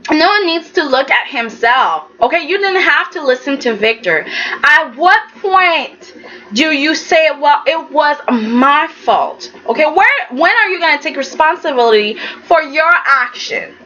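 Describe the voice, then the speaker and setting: A woman giving a casual, animated recap of a soap opera episode, talking straight at the characters. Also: high voice, measured pace, dull audio.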